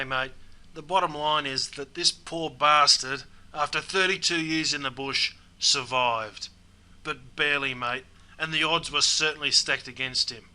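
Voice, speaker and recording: A man's voice: on the high side, sharp tone, poor audio. A man with an Australian accent narrating a scripted comic lesson on slang, dropping "mate" into nearly every sentence. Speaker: host explaining slang.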